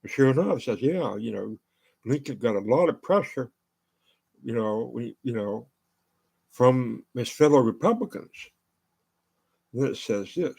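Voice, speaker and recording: An older man from the United States rambles on his own show, stacking up fillers and false starts as he goes. His voice is gravelly and husky, with a pitch that swings up and down a lot. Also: lively intonation, unhurried, pauses often, darkish tone. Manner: rambling, full of "you know" fillers and restarts. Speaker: show host. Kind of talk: rambling monologue.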